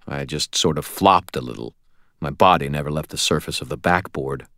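A man narrating a novel in the first person, telling it in a steady, plain way. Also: very deep voice, normal speed, no echo, clean studio sound. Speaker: audiobook narrator.

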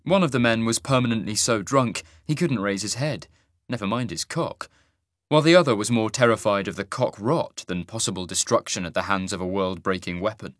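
Measured male audiobook narrator. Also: lowish voice, a bit bright, no room sound, studio quality. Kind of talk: scripted fantasy narration.

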